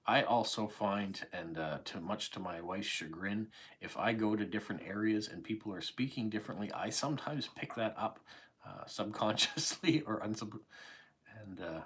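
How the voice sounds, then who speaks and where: A man's voice: lowish voice, moderate pace, a bit bright, husky. A Canadian man in his forties with a slight English-tinged accent, hosting a live stream and rambling casually through viewer comments. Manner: rambling and conversational, many fillers and asides. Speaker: channel host answering viewer comments.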